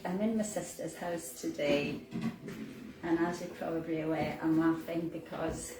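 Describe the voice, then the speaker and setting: Slow, calm woman cueing Pilates. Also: low voice. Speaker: fitness instructor. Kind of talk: guided Pilates class. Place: room in a house. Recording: roomy, distant mic with faint noise.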